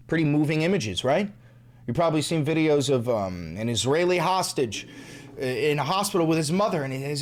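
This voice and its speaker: A man hosting ranting political commentary, profane, angry and sarcastic, dropping to low asides and then shouting. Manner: swings between low asides and raised shouting.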